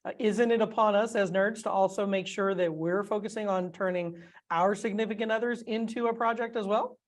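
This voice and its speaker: A man's voice: high voice, fairly even intonation, fairly quick. Playful man, eager nerdy co-host. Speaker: podcast co-host. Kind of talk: casual chat.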